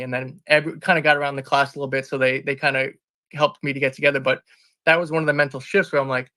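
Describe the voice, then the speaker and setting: A man's voice: mid-range voice, level tone, very fast, sharp tone, no room sound. A man speaking as an interview guest, telling a candid personal story in an earnest, rambling way and often restarting or correcting himself. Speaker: interview guest, business founder.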